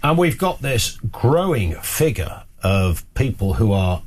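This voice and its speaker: A man's voice: fairly low pitch, very animated, takes it slowly, a little mellow, slight background noise. A man hosting an opinion talk show, delivering a sarcastic, scornful monologue with jokey asides. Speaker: host.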